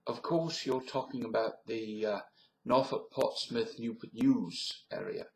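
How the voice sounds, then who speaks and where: A man's voice: medium pitch, unhurried, creaky, roomy sound, slight background noise, poor audio. A man voicing a chatty Southern local with a Tidewater Virginia accent, recorded on a webcam. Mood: friendly.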